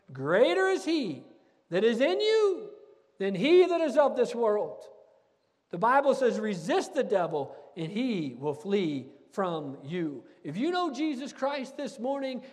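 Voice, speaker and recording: This is a pastor preaching in a church sanctuary, his voice pitched very high for a man. He reads scripture and talks it through in an earnest, animated way, often restarting his phrases. The sound carries a long hall reverb. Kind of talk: sermon reading scripture.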